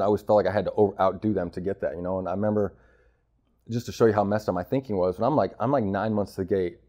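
A man in his thirties from Arizona, United States, speaks in a low voice with a dark tone. As an interview guest he talks candidly about his time in prison, blunt and full of street slang, often saying "bro" and "you know."

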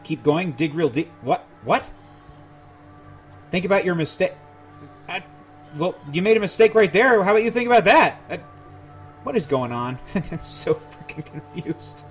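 A man playing a video game demo and commenting, confused and nervous, laughing to himself and breaking into high, panicked shouts when scared. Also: animated, measured pace, long pauses, faint music behind. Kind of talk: let's play commentary.

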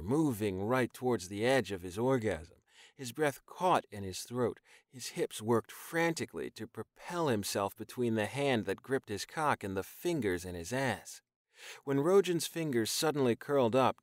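A man reading an audiobook in even, measured scripted narration. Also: medium pitch, no echo, studio quality.

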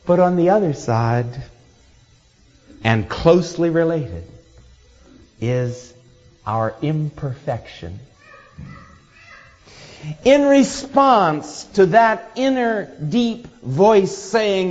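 A man's voice: high-pitched, takes it slowly, pauses often. A man preaching a sermon, acting out the voices he quotes along the way. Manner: expressive, acts out quoted voices with laughter. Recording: dull hall reverb.

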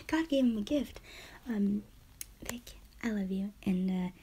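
A woman vlogging casually to her viewers, gushing and starstruck, often slipping into a breathy half-whisper. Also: medium pitch, slow pace, a little mellow. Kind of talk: casual vlog to camera.

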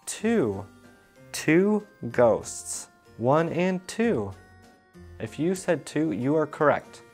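Male kids' teacher, unhurried and encouraging, soft music bed. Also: a little high, sing-song. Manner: patient, encouraging, asks questions. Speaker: children's educator. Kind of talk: slow toddler teaching.

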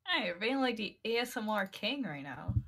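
A woman's voice: mid-range voice, big pitch swings, normal speed, fairly bright tone, husky. A woman chatting casually on a stream, rambling bluntly with lots of "like" and the odd swear.

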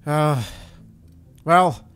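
A young man giving casual, excitable let's-play commentary while he plays, swearing and joking. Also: fairly high pitch, drawn-out words, faint music behind. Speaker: gaming YouTuber.

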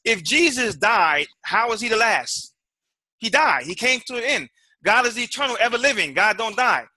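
A man's voice: sits high, expressive, moderate pace, sharp tone, dry recording, studio quality. A man giving a timed debate rebuttal, emphatic and full of rhetorical questions, often repeating words as he presses his point.

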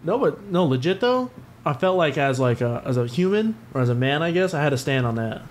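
With a fairly high voice and a brisk pace, this male co-host trades stories on a podcast, recorded with a little hiss or hum. His casual storytelling is lively and heavy on profanity.

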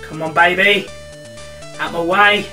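A man hosting a let's play, swearing non-stop and ranting and shouting at the game as he plays. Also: high voice, steady tone, measured pace, distant mic. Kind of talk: frustrated gameplay commentary. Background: retro game music.

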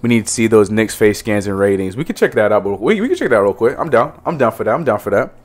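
A man's voice: lowish voice, lively intonation, fast talker. A young man livestreaming, casually greeting chat viewers by name and repeating his phrases, in a home streaming setup.

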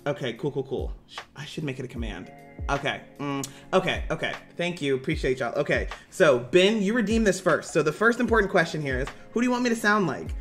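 A man's voice: a little high, animated, fairly quick, a bit bright, soft background music. A man hosting a game-design live stream, chatting casually and profanely with his viewers. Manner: casual, joking, profane, talks to chat by name.

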